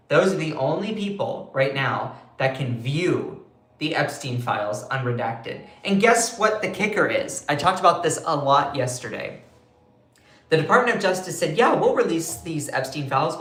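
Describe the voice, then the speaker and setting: Animated man hosting a live stream. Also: a little high. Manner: animated, sarcastic, retells quotes in put-on voices. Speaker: political commentary host. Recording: echoey room.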